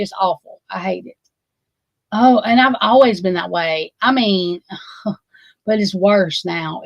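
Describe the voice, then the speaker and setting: A woman's voice: mid-range voice, creaky, no echo, poor audio. A woman, chatting casually with her livestream viewers in a rambling, profane and emphatic way. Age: 40s. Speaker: livestream host.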